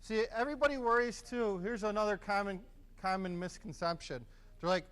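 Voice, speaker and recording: A man runs a hands-on first aid class in a training room, his voice sitting noticeably high for a man. He talks casually and encouragingly as he coaches students through each step. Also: fairly quick, fairly bright tone.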